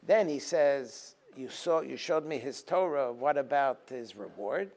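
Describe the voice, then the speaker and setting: A rabbi giving a teaching talk, telling stories and acting out their dialogue, sometimes rising to forceful emphasis and then dropping low. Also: male voice, a little slow. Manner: storytelling, acting out dialogue in a lively voice. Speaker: rabbi and lecturer. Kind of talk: Tisha B'Av teaching talk.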